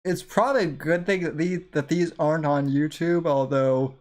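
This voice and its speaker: A podcast host chats casually, looking back on an old episode with rambling, self-deprecating asides. His male voice sits a little high, with a darkish tone and a normal pace.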